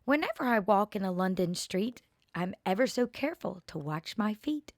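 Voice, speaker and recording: An older woman reading children's poems aloud in a slow, expressive way, with playful asides. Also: mid-range voice, no room sound, clean studio sound.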